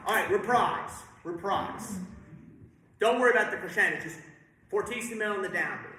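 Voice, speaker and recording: High, bright-voiced man leading rehearsal. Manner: brisk, directive, counts in the ensemble. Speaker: conductor. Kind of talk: rehearsal instruction. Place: rehearsal hall with choir and orchestra. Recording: very echoey hall with music.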